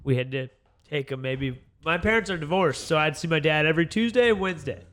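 A man's voice: on the high side, quick pace, a bit bright. A young man co-hosting a podcast, rambling loosely in casual chat, full of fillers. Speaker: podcast co-host.

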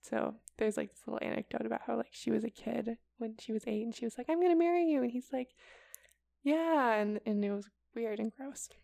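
A woman's voice: fairly high pitch, little pitch movement, fast, gravelly, few pauses, dark tone, no echo. A young woman co-hosting a podcast, presenting a history report in casual chat full of "like" and "um". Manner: chatty and casual, heavy with fillers like "like" and "um".

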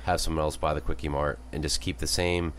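A man co-hosting a podcast in casual chat, relaxed and dropping in short remarks. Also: extremely low pitch, fairly quick, a little hiss or hum. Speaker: podcast co-host.

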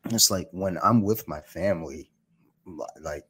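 A man in his forties from Detroit, a podcast guest who talks in an animated way, laughs often and swears freely. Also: low voice, a little slow, breathy edge. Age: 40s. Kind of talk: casual chat.

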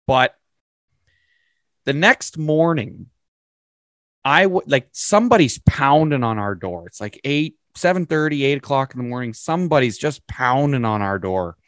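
A man telling a long, profane story in a casual, animated way. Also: on the high side, a little slow, no echo.

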